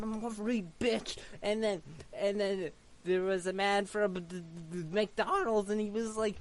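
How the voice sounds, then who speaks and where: A man's voice: high-pitched, fairly even intonation, measured pace, slight background noise. A man telling an improvised, rambling story full of stammering restarts.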